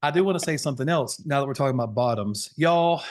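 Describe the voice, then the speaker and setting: A man's voice: mid-range voice, lively intonation, quick pace. A man around forty, coaching insurance sales over a video call in a folksy, fired-up, preachy way. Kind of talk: energetic webinar training talk.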